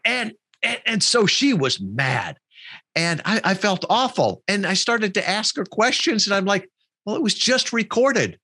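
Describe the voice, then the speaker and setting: Husky and high-pitched, a middle-aged man's voice moves at a measured pace with no echo. As a podcast guest in a casual interview, he tells a story animatedly, quoting the people involved.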